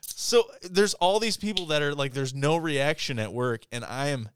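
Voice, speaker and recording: A man co-hosting a casual podcast chat, telling animated stories, laughing often and swearing a lot. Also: on the high side, moderate pace, slight background noise. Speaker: podcast co-host.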